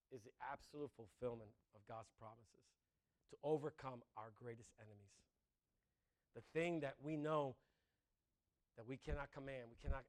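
A man preaching a sermon in a conversational way, asking the congregation questions and laughing at his own jokes. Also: medium pitch.

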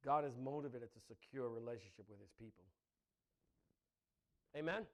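A male pastor preaches with passion at medium pitch and a slightly fast pace. He shifts between loud, emphatic lines and soft, intimate ones, laughing between his points.

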